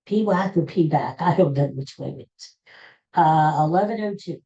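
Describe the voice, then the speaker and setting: An older man hosts his own podcast, chatting casually in a rambling, opinionated way and often repeating himself. His voice is a little high, gravelly and warm, at a moderate pace, and the recording's highs are cut off.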